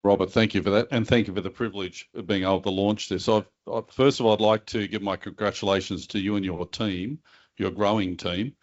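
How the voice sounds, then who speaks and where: An older man with a fairly low voice gives a short ceremonial speech as guest of honour. He speaks in a measured way and sometimes restarts a phrase. The recording sounds slightly dull and lo-fi. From Australia. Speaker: guest of honour christening a vessel.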